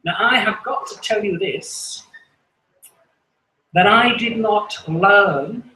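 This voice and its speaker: At an open mic in a small venue, a man from England pokes fun at himself in his stand-up set and laughs at his own material. He speaks with an English accent in a high, pushed, bright voice, recorded in an echoey room.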